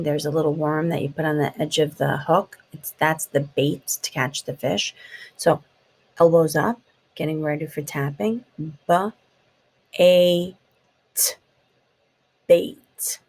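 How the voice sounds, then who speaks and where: A woman teaching a phonics lesson to young children, slowly sounding out letters and tapping out words. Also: deep voice, slightly rough, rough recording.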